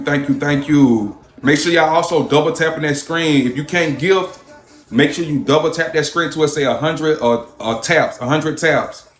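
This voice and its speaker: A man livestreaming, telling a story in an animated, profane way and thanking viewers for their gifts. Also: fairly high pitch. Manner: animated, profane storytelling, shouting when worked up. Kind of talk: live-stream storytelling. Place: a hot room. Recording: roomy echo.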